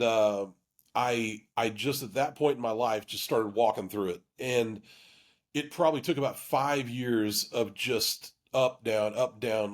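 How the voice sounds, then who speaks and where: A man hosting his own channel, telling a personal story with candor. He often stops and restarts his sentences and leans on fillers. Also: medium pitch. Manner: halting, full of restarts and fillers; earnest and emotionally open. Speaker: YouTube channel host.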